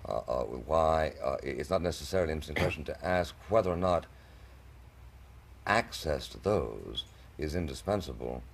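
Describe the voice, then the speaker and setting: Very deep gravelly man debating. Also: lively intonation, normal speed, slight background noise. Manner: ornate, hesitant, stammering restarts. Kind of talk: televised debate.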